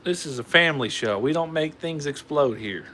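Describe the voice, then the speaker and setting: His voice is fairly high, bright and forceful, with lively intonation at a moderate pace. In a fake Southern drawl he hosts a fireworks clip, joking folksily and wandering through a hands-on demo for the cameraman. Captured on a camera mic, it sounds roomy and far off, with faint noise.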